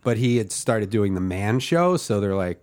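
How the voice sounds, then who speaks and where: A man's voice: fairly low pitch, expressive, normal speed, a little mellow, no echo. A man in casual podcast chat, telling a comedy club story and acting out the lines of the people in it, swearing freely.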